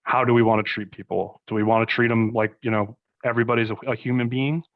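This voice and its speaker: Young man, podcast guest, casual rambling chat, middle pitch, slightly dull sound. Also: steady tone, quick pace. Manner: rambling storytelling full of fillers and asides. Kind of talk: casual conversation. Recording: slightly muffled recording.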